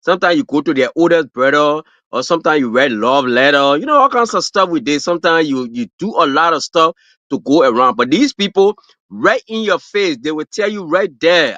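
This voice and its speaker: This livestream guest, a man with an African accent, rambles casually, piling on fillers and restarts while chuckling at his own tales. He talks briskly in an animated, fairly high voice that sounds pushed and bright; the stream audio is dry, dull, and lo-fi with no room sound.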